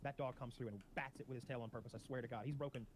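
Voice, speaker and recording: A man co-hosting a casual chat, telling a story quickly and swearing freely. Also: mid-range voice, background noise. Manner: fast, animated, swears freely. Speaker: podcast co-host.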